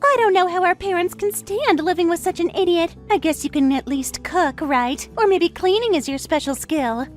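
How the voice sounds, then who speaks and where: A woman's voice: very high voice, moderate pace, few pauses. A woman voicing an arrogant, condescending young sister-in-law in a dramatized text-message story, with a sneering, mocking manner. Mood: scornful. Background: faint music.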